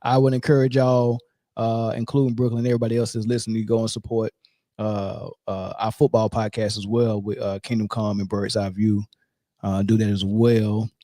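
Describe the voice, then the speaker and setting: A man's voice: lowish voice, flat delivery, a little fast, no echo, clean studio sound. Laid-back man hosting a podcast. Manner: laid-back, rambling with fillers and shout-outs. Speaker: podcast host. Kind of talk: casual podcast chat.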